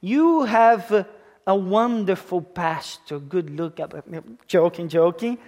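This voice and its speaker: His voice sits high and a little mellow as this pastor in his thirties takes his sermon slowly, preaching in English, his second language, with a foreign accent. He keeps repeating key words for emphasis and checking in with the congregation.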